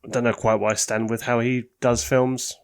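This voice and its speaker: A man's voice: mid-range voice, little pitch movement, normal speed, smooth. A man co-hosting a podcast in casual chat, jokey and self-deprecating, laughing often. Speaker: podcast co-host.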